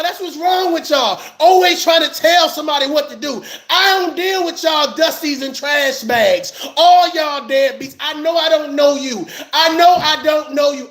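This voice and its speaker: A man giving a heated, scolding commentary rant, loud and emphatic, often laughing as he talks. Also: very high voice, roomy sound. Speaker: commentary vlogger.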